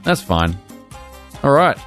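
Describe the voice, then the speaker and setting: A man's voice: mid-range voice, sing-song, takes it slowly, fairly bright tone, soft background music. A man co-hosting a casual gaming podcast, chatting and reading listener emails aloud. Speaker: podcast co-host. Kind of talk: casual chat.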